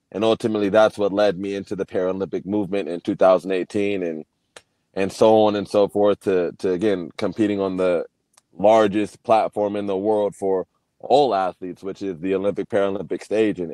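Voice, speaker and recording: A man's voice: lowish voice, warm tone, no echo. A young man, a guest on a video call, talking candidly and reflectively, often restarting his sentences. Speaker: guest, Paralympic swimmer. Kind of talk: casual interview over video call.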